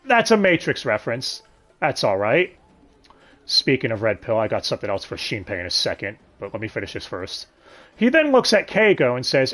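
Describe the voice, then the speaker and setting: Sarcastic man with a lively voice. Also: mid-range voice, normal speed. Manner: sarcastic, swears often, sighs and asks the audience. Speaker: reviewer. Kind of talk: casual commentary.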